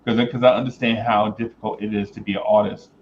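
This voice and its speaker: A man hosting a casual talk show, rambling and thinking aloud with many pauses and fillers. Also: on the low side, flat delivery. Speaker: host. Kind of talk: casual chat. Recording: slightly dull, faintly noisy.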